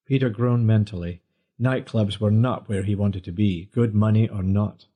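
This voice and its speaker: A man narrating an audiobook in a measured storytelling manner. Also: fairly low pitch, steady tone, dark tone.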